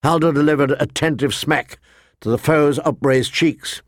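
A man narrating a fantasy novel in a measured, steady storytelling voice. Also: a little high, no room sound, studio quality. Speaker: audiobook narrator.

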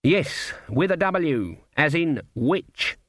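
A man voicing a stern, proud old witch woman in an audiobook, slow and emphatic. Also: fairly high pitch, lively intonation, a bit bright, no room sound, studio quality, voice pushed up, full character voice. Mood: stern, smug. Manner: slow, emphatic and self-assured. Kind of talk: audiobook character voice.

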